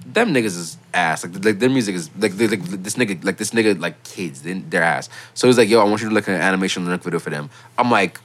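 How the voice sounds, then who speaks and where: A young man in his late teens hosting a casual podcast, telling stories in an animated way and getting loud when he quotes himself. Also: low voice, fast, hardly any pauses. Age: young adult. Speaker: podcast host.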